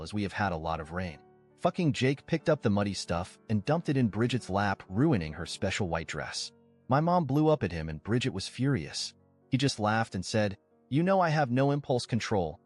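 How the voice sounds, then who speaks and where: A man narrating online stories aloud as a channel host, in an animated storytelling read. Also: fairly low pitch.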